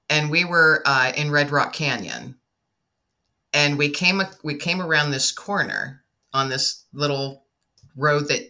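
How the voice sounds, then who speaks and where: A middle-aged woman with a bright, forceful voice, chatting on a call. She tells her stories with animated energy and acts out the quotes in them. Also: deep voice. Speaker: podcast guest. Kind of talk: casual conversation.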